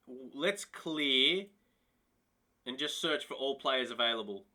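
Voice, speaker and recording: Here the man's voice is mid-range with a measured pace. He streams a football management game live, talking to chat in an excitable way, laughing and exclaiming in disbelief as he casually comments.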